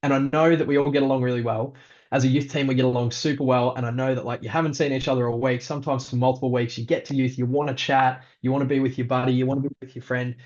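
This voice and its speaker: A male pastor, giving a practical leadership talk in a relaxed, conversational way with frequent ums. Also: mid-range voice, quick pace, lo-fi sound.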